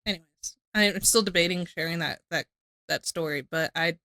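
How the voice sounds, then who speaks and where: Woman, reaction commentary, rambling, self-correcting, bright voice, dry close sound. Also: fairly low pitch, normal speed, no echo. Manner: rambling, self-correcting, reads messages aloud.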